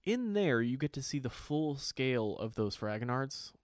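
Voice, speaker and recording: A man co-hosting a casual podcast chat, profane and animated, slipping into quoted voices. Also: medium pitch, normal speed, no room sound, clean studio sound. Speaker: podcast co-host.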